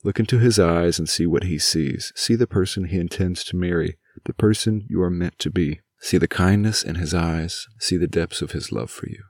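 Stern older father, deep baritone, firm and pleading, read by a man. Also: fairly even intonation, moderate pace, darkish tone, no echo, clean studio sound. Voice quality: booming baritone.

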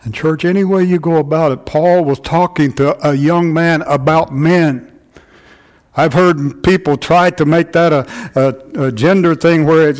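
Preaching to his congregation, an older male pastor hammers home each point with repeated phrases and mounting fervor. His intonation is fairly even and his pace a little slow, though his voice rises in volume and pitch when he gets stirred up.

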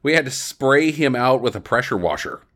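Animated jokey man riffing on a movie. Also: medium pitch, normal speed. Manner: jokey, acts out characters in silly voices. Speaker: podcast co-host. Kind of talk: casual movie-riffing chat.

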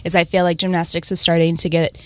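A woman in her twenties, a guest on a morning radio show, talks in an upbeat, polished way. Her voice sits fairly low for a woman. The sound is close and dry. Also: little pitch movement, fast, no room sound. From West Virginia. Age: 20s. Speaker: guest, retired gymnast. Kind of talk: radio interview.

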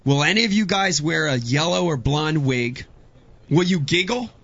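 Gravelly, bright-voiced male host. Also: a little high, lively intonation, moderate pace, no room sound, dull audio. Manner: enthusiastic, effusive questioner. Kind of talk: casual interview chat.

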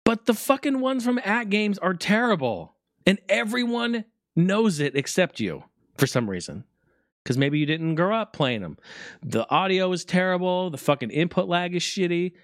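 Excitable, foul-mouthed man ranting dry. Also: high-pitched, moderate pace, dry recording. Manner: profane, excitable, talks straight to viewers. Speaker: gaming video creator. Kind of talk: excited casual rant to camera.

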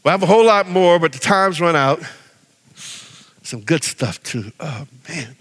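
A man preaching a sermon as pastor, animated, swinging from loud exhortation to hushed prayer. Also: on the high side, unhurried. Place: church sanctuary. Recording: long reverb of a church hall.

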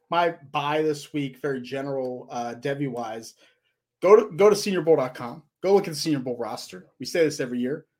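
A man co-hosting a podcast, telling stories and giving advice in a loose, rambling way with lots of fillers. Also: a little high. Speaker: podcast co-host. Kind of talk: casual podcast chat.

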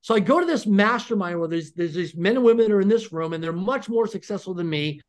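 A middle-aged man appears as a podcast guest, telling an energetic, animated story and acting out the quoted dialogue. He speaks fast in a high-pitched voice.

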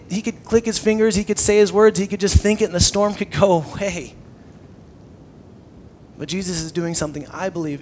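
Man, young, preacher, conversational sermon, loud bursts and hushed asides, faint background noise. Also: on the high side. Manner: conversational preaching, swings between loud emphasis and hushed tones. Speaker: pastor.

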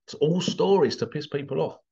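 A man delivering an animated, repetitive monologue to camera as a vlogger. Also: on the high side, a little fast, dull audio. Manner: animated, repetitive, acts out quotes in exaggerated voices. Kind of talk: ranting monologue.

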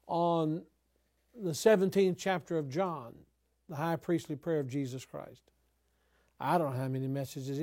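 An older man, a pastor, teaching other preachers in an emphatic style that breaks into sudden loud exhortations. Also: on the high side, dry recording, studio quality.

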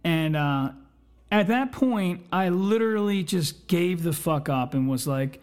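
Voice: mid-range voice, animated, unhurried, a little mellow, clean tone. Foul-mouthed rambling podcast storyteller. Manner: heavy swearing, rambling with fillers. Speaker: podcast host. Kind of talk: casual storytelling.

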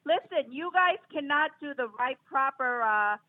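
A woman's voice: high voice, lively intonation, normal speed, no room sound. A woman on a phone call, indignantly arguing with a rude manager and repeating herself as she pushes back. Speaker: prank call victim, customer. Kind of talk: heated phone argument. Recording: phone line.

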